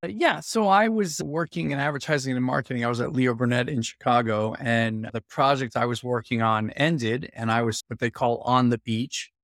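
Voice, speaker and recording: A man's voice: medium pitch, moderate pace, hardly any pauses, dry recording, clean studio sound. A man in his fifties, a guest telling stories from his career in a casual interview and acting out what people said to him. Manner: lively storyteller who acts out quoted dialogue. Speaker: guest, executive consultancy founder.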